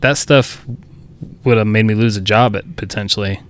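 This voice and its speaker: At a moderate pace and with fairly even intonation, a man with a lowish voice shares a workplace anecdote as a podcast co-host. The chat is casual storytelling, loose and profane, punctuated by chuckles.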